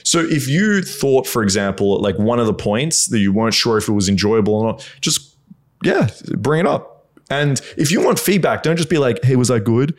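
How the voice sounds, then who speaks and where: A man's voice: mid-range voice, sing-song, moderate pace. A man co-hosting a casual podcast, giving frank advice in a blunt, instructive way and swearing often.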